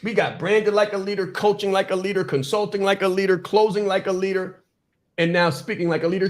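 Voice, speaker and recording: Fast, fired-up motivational man. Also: high-pitched, steady tone. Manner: fast, repetitive, emphatic preaching. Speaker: podcast host and business coach. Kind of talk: motivational speech.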